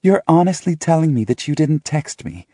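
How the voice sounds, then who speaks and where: A man reading a story aloud, voicing a hurt, emotionally drained young woman in a flat monotone. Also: on the high side, normal speed, no room sound, clean studio sound, voice pushed up. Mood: hurt accusing.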